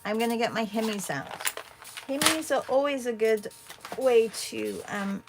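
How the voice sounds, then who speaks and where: A woman with a gravelly, fry-tinged voice chats her way through a painting livestream. She thinks out loud and answers viewers between strokes. A faint hiss sits under her voice. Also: medium pitch. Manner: chatty, thinks aloud and answers viewers' comments. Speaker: art livestream host. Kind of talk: casual livestream chat while painting.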